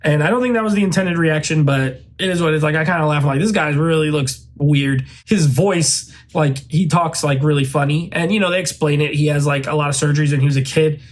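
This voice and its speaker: A man's voice: a little high, fast talker, few pauses. A man hosting his own channel, giving a loose, rambling spoken movie review full of "like" and "uh" fillers. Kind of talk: casual spoken film review.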